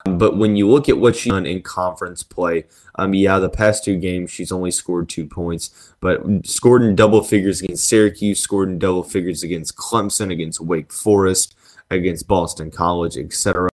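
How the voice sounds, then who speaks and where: A man's voice: sits low, fairly even intonation, moderate pace, darkish tone. A man hosting a solo sports podcast, talking through basketball news in a rambling way with lots of fillers and restarts. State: yawning and sneezing.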